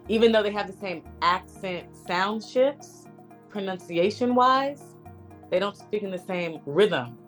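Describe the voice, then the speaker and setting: A woman, a dialect coach, explaining her work in an interview. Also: fairly low pitch. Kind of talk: interview answers.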